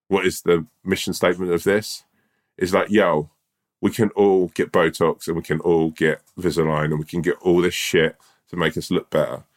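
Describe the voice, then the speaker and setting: A man co-hosting a podcast, telling a rambling, slangy tall tale in a laid-back, swearing way. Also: low-pitched. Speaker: podcast co-host.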